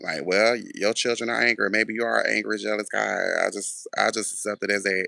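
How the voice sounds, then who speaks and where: Sassy, gravelly man ranting. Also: fairly low pitch, brisk, few pauses, no room sound. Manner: sassy, animated, swearing, sarcastic. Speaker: vlogger. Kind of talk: casual rant to camera.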